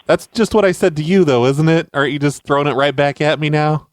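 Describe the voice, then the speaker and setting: A man hosting a show and making deadpan, mock-serious prank phone calls. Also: on the high side, fast talker, no room sound, studio quality. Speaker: prank caller and show host.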